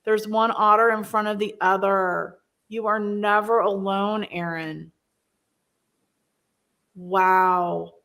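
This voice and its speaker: Slow-spoken, effusive woman card reader. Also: medium pitch, fairly even intonation, a bit bright. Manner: effusive and emotional, with frequent exclamations. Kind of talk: live-stream spiritual reading.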